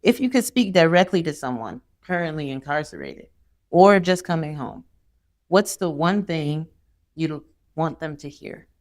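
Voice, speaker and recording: A woman's voice: sits low, lively intonation, unhurried, a little mellow. A woman hosting a podcast, chatting casually and asking questions in a conversational, self-deprecating way. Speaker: podcast host. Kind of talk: casual interview chat.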